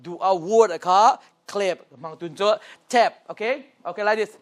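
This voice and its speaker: A man's voice: sits high, a little slow, a little hiss or hum. Man, Mizo accent, pastor, interactive teaching, prompts repeat-after-me. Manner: asks questions, prompts group to repeat and clap. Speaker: pastor leading a teacher training. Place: church classroom.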